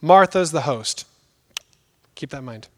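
High-voiced man preaching a sermon. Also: expressive. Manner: conversational, emphatic preaching with dramatic pauses.

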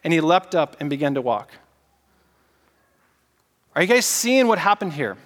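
A man preaching a casual, animated sermon and getting the congregation to repeat words back to him. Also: on the high side, moderate pace, in a large hall. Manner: casual, animated preaching with audience call-and-response. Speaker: pastor.

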